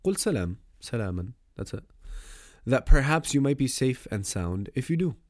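A man of middling pitch explains a poem in a relaxed lesson, asking himself rhetorical questions and stumbling over restarts. He rattles off verses in a quick recitation before slowing down to unpack them. The sound is dry and close. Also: no room sound. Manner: conversational, rhetorical questions, many restarts and fillers; recites Arabic verse rapidly. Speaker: podcast host explaining a poem. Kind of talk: casual religious lesson.

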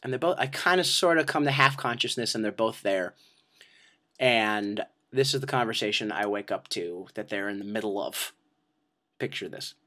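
A man hosting a podcast, telling a comic personal story in a profane, self-mocking and animated way. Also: fairly low pitch, normal speed. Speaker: podcast host.

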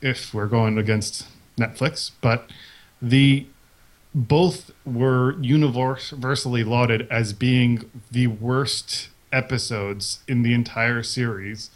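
A man's voice: medium pitch, steady tone, slow pace. A man co-hosting a podcast, sharing trivia in a casual, offhand, joking way. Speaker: podcast co-host.

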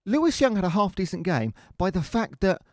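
A man co-hosting a casual football podcast tells his match-day stories with plenty of lift and swing in his pitch. He chats easily and laughs as a story builds. The recording is close and dry, with no room sound. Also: brisk, dry recording. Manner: chatty, animated storyteller with rising laughs. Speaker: podcast co-host.

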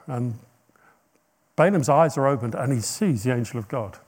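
Male preacher, lively dramatic storyteller, high voice, makes asides. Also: measured pace, pauses often. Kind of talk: sermon storytelling.

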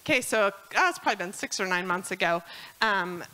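A woman's voice: mid-range voice, animated, fairly quick, bright, forceful tone, poor audio. A woman telling a personal story in a church sermon, chatty and emotional, near tears at times. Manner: emotional, tearful at times, chatty with many fillers. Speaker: speaker at a church service. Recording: music playing behind.

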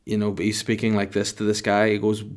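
A man's voice: lowish voice, completely flat delivery, brisk. Rambling, jokey man hosting a podcast. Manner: rambling, jokey, self-mocking. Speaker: podcast host. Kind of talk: comic storytelling monologue.

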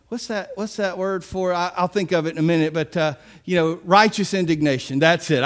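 A man's voice: high voice, a little fast, hardly any pauses. A man preaching a sermon in a conversational way, acting out the people he describes. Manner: conversational preaching with mock-quoted voices and asides. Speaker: pastor.

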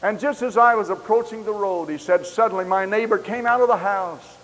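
A man preaching a camp meeting sermon, telling a story with impassioned delivery that rises to loud exclamations. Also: high voice, brisk. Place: large camp meeting hall. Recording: long hall reverb with faint hiss.

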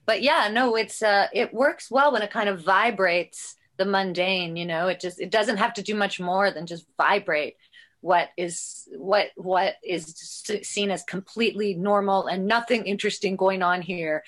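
A woman with a lowish voice talking casually. She thinks aloud, stops and restarts her phrases as she works through an idea. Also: fairly bright tone. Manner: musing, thoughtful, halting restarts. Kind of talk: casual conversation.

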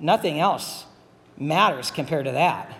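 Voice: medium pitch, lively intonation, a little slow, gravelly, a bit bright. A pastor preaching a sermon in an earnest, conversational way, repeating key phrases. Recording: long reverb of a hall.

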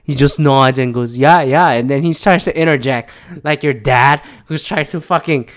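A man's voice: mid-range voice, moderate pace. A man in a casual opinionated monologue, rambling and profane, laughing often and adding mocking asides.

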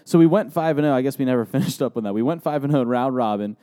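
Mellow, smooth-voiced man laughing through stories. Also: medium pitch, racing, no echo, clean studio sound. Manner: laughs often while telling anecdotes, many fillers. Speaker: podcast co-host. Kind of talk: casual chat.

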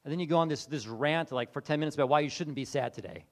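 A man's voice: on the high side, fast talker. A middle-aged man preaching in a conversational sermon style, telling personal stories and acting out the dialogue. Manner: conversational, animated, acts out dialogue. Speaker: pastor. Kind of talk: sermon storytelling.

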